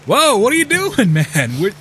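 A man's voice: high-pitched, wildly swooping pitch, normal speed, a bit bright, slight background noise, pitched above the performer's own voice, exaggerated voice. A man voicing his own casual adventurer character, calling out to another ship in a tabletop game. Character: young male adventurer hailing a ship, casual.

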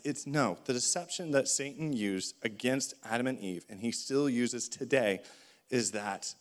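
A man preaching a sermon, animated and conversational, acting out the voices in his stories. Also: mid-range voice, a little slow.

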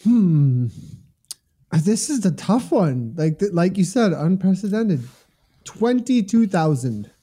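A man's voice: high voice, very animated, slow, dark tone, husky. A man co-hosting a podcast, easygoing and a bit hesitant in casual chat. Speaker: podcast co-host.

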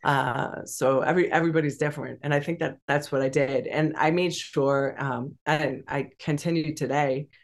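An interview guest speaking candidly over a video call, halting and restarting often with frequent nervous laughter. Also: mid-range voice, fairly even intonation.

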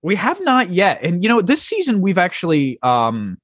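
A man's voice: high voice, wildly swooping pitch, normal speed, a bit bright, no echo, clean studio sound. A young man hosting a podcast, chatting casually with loose, profane, joking banter. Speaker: podcast host.

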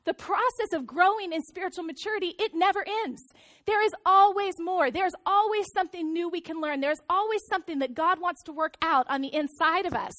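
A woman in her thirties, a pastor giving a sermon in a church, telling stories in a lively, conversational way. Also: very high voice, brisk. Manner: storytelling, animated, conversational. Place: church auditorium.

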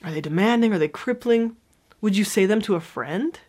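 A woman with a calm, clear voice walks through a self-help lesson. She sounds gently encouraging and keeps an even, explanatory delivery, like a prepared educational video. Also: mid-range voice, a little fast.

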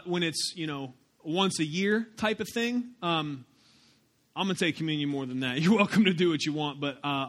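Bright, high-voiced male pastor preaching. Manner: conversational, animated preaching with asides to the congregation. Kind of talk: sermon.

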